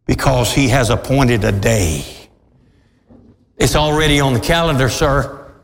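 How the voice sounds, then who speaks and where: A man preaching a fiery, old-fashioned sermon, swinging between shouted peaks and low, drawn-out lines. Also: long reverb tail.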